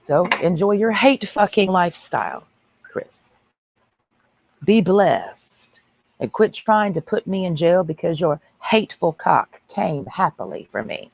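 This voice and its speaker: A woman's voice: lowish voice, very animated, unhurried, vocal fry, darkish tone, breathy edge, dry recording, low-quality recording. A woman ranting on a livestream in a brash, mocking, preachy way.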